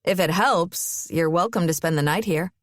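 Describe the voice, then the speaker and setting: A woman's voice: lowish voice, normal speed, no echo, clean studio sound, natural voice. A woman voicing a teasing, easygoing young man in an audiobook. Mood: mild. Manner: mild, wry.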